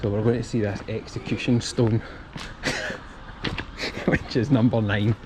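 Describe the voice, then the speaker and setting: A man with a Scottish accent giving a casual walking tour outdoors in a town centre, chatty and jokey, reading facts aloud in a quiet voice. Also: on the low side, fairly even intonation, slow. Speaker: streamer on a guided town walk. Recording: outdoor street noise, traffic.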